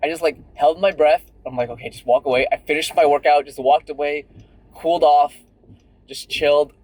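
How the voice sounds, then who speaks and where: A man's voice: fairly high pitch, steady tone, moderate pace, darkish tone, no room sound, poor audio. A young man talking candidly in a casual vlog while driving, full of "like" and "right?". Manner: chatty and candid, many fillers like "like" and "right?". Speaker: vlogger.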